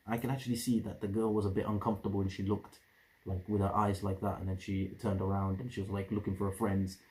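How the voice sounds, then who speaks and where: A man's voice: on the low side, a little mellow, low-quality recording. A young man giving casual dating advice in a rambling way, often restarting and repeating his phrases.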